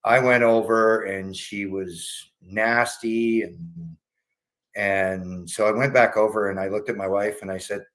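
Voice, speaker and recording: A man's voice: lowish voice, a little slow, low-quality recording. Man telling a rambling family story. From Canada. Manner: animated, acts out quoted voices, swears casually. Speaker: guest telling a patient story. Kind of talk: casual storytelling.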